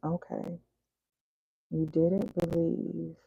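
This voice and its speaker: A woman's voice: on the low side, monotone, extremely slow, vocal fry, warm tone, breathy edge, no room sound, low-quality recording. A woman giving a casual tarot reading in a preachy, slangy way, sometimes dropping to a whisper. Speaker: tarot reader.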